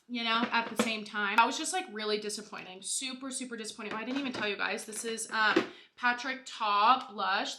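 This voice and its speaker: A woman's voice: a little high, roomy sound, noisy background. A young woman in her twenties chatting casually and gushing to her viewers while doing her makeup, full of "like" and "you guys.". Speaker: beauty vlogger.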